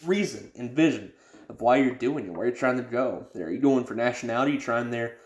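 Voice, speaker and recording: A man's voice: medium pitch, brisk, lo-fi sound. Casual male podcast voice, blunt and profane, rambles with lots of fillers. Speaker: podcast host. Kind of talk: casual advice talk.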